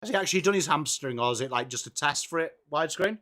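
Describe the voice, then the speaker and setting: A man hosting a live football watchalong, reacting excitedly and chatting with viewers by name. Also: on the high side, fast. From England. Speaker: live-stream watchalong host. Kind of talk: live sports reaction and chat.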